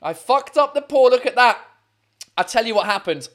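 A man's voice: very high voice, expressive, normal speed, fairly bright tone. Chatty, swearing man hosting a live show. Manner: chatty, swears freely, lots of filler. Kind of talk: casual live-stream chat.

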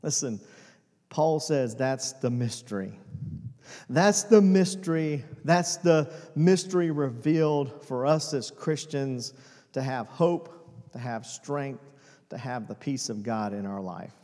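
A man's voice: medium pitch, takes it slowly. Man preaching in a reverberant hall. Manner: dynamic preaching, swings between hushed and loud. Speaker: pastor. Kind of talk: sermon.

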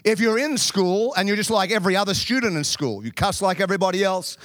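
High-voiced male preacher telling stories. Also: lively intonation, fast talker, a bit bright, no echo, studio quality. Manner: humorous storytelling, addresses the congregation. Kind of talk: sermon.

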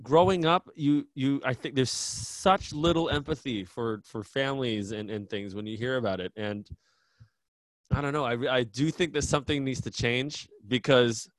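Man, podcast host, candid and rambling, mid-pitched, dry close-miked sound. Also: moderate pace, no echo. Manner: candid, rambling, self-deprecating. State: tired new parent. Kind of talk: casual interview chat.

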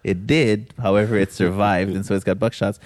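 A man's voice: lowish voice, fairly even intonation, brisk, darkish tone, no room sound. A man chatting casually and enthusiastically about spearfishing and hunting, swearing freely. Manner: laid-back, profane, enthusiastic. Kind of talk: casual podcast chat.

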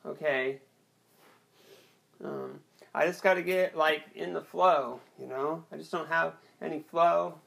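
Young male comic, slightly high voice, slow halting deadpan set. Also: creaky. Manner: hesitant, rambling, deadpan delivery with many restarts. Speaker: stand-up comedian. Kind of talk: awkward self-deprecating stand-up set.

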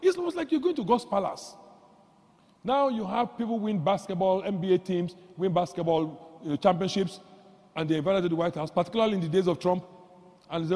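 Animated preacher man in a reverberant hall. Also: fairly quick. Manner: animated, jumps from low asides to loud exclamations; leads the congregation in call-and-response reading. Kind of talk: sermon.

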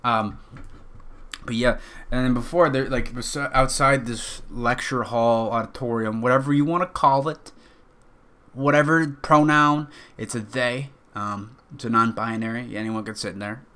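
Bright-voiced young man rambling on a podcast. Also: mid-range voice, steady tone, unhurried. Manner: rambling, profane, joking. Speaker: podcast host. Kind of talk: casual solo podcast monologue.

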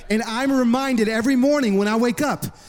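A man in his thirties preaching a sermon to a congregation, telling a lively personal story with jokes. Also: extremely high pitch, a little fast. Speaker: worship pastor. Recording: long reverb of a large hall.

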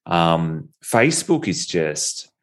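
A man with an Australian accent that drifts between posh and rough Newcastle, hosting a podcast in a relaxed, joking, blunt way. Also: deep voice, takes it slowly. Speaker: podcast host, law firm marketing specialist. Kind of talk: casual podcast chat.

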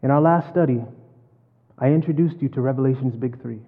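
A man preaching a sermon and telling a story, swinging from loud to hushed. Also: mid-range voice, brisk, husky. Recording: phone-like, long hall reverb.

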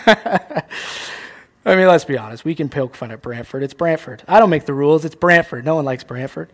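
A young man preaching a sermon as pastor, animated, acting out little scenes and joking at his own expense. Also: fairly high pitch, quick pace, hardly any pauses. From Canada. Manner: animated, acts out voices, self-mocking jokes.

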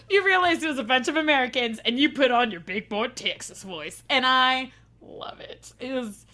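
High bright-voiced woman on a podcast, giggly and rambly, just chatting with friends. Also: normal speed, a little hiss or hum. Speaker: podcast co-host. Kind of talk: casual chat.

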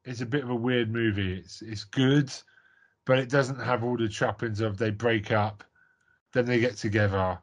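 A man's voice: mid-range voice, fairly even intonation, normal speed. A man from Britain co-hosting a casual film podcast, talking in an easygoing, rambling way. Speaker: podcast co-host.

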